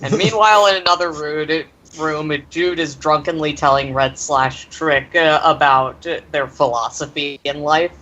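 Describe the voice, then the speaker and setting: A woman chatting casually with fellow players of a tabletop game, animated and full of opinions. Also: low voice, moderate pace, hardly any pauses, highs cut off, slight background noise.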